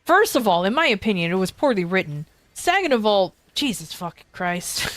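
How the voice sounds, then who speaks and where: A woman's voice: mid-range voice, big pitch swings, a little fast, a bit bright, no room sound. Young female streamer, casual chat, loose rambling storyteller who swears and laughs, dry booth-like sound.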